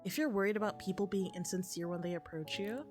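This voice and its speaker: A woman's voice: mid-range voice, fast talker, a little mellow, faint music behind, natural voice. A woman reading a blunt, nosy kid.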